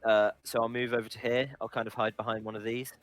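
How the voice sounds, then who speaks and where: A man's voice: medium pitch, little pitch movement, fast, a bit bright. A man playing a tabletop game, thinking aloud and unsure, asking the group for advice. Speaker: player. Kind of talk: casual tabletop game chat.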